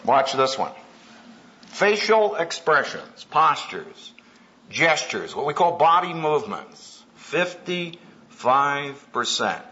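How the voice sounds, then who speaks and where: A man preaches to a live audience in a punchy, humorous way and acts out little scenes. His voice is bright and forceful, set a bit high. The old recording is muffled, with a faint hiss. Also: very animated, takes it slowly. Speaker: speaker at a Christian conference. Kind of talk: sermon. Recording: dull lo-fi tape with faint hiss.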